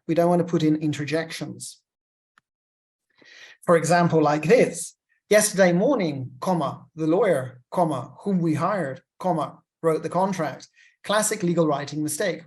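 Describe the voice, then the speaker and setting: In this legal writing lesson, the lecturer works through the material step by step, reading examples aloud and calling out each punctuation mark while making chatty asides to the class. The voice is medium-pitched and a little mellow.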